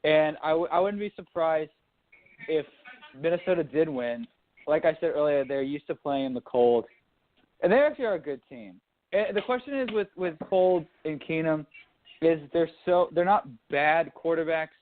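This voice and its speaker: A man's voice: on the high side, animated, moderate pace. A young man from Dallas co-hosting a radio talk show, chatting casually about sports and politics and often restarting his sentences. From Dallas, Texas. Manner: rambling, restarts mid-thought. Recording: phone-line quality audio.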